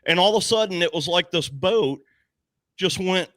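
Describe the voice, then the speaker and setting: A man's voice: sits high, moderate pace, no echo. A man telling a story in a casual podcast chat, swearing often and acting out the other people's lines. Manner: animated, profane storyteller who acts out dialogue. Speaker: podcast panelist.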